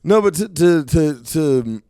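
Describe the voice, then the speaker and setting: A young man in his twenties with a Philadelphia accent, a comedian telling wild stories in casual podcast chat and breaking into high laughter. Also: takes it slowly, clear, resonant tone. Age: 20s. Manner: animated storyteller, bursts of high laughter. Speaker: comedian guest.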